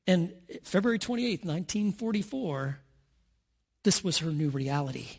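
A man preaching a sermon, earnest, with dramatic pauses and rising emphasis. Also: a little high, creaky, breathy edge. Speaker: pastor.

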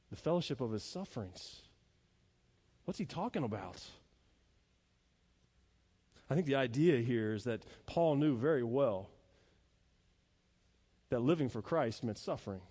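A male pastor preaching a sermon in an earnest, folksy way, talking straight to the congregation and swinging between loud emphasis and quiet asides. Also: high voice, long reverb tail. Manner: folksy, addresses the congregation directly.

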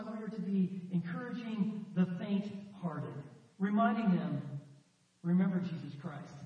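A man serving as pastor preaches by telling stories in a conversational manner and acting out what characters say. His voice sits high with a darkish tone, heard through a distant mic in an echoey hall that leaves the sound dull.

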